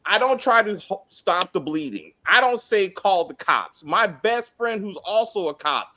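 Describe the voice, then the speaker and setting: A man's voice: high-pitched, lively intonation, a little slow, bright, forceful tone. A man co-hosting a spoiler review of a TV show, ranting in exasperated, profane casual chat.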